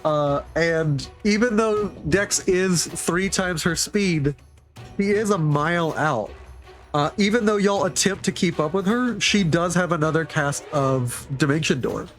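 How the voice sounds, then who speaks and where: A man narrating as game master for a tabletop game, talking in halting bursts full of restarts. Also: on the high side, faint music behind.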